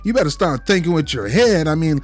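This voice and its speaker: A man's voice: on the high side, sing-song, a little fast, soft background music. A man doing a cocky, taunting wrestling champ. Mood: mocking. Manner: mocking, loud rhetorical questions.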